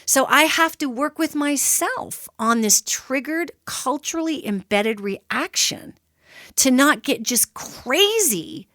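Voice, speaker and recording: A woman with a high-set voice talks at a slow pace, recorded cleanly in a studio with no room sound. Hosting a radio talk show alone, she speaks right to listeners, explaining ideas in a lively, emphatic, conversational style.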